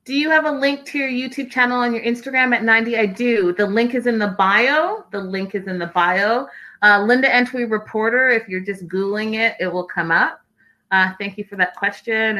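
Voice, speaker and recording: Reading viewer comments out loud and responding to them, a young adult woman gossips about a reality show in a casual live recap chat. Her voice sits fairly high with a sharp tone at normal speed, captured in a low-quality recording.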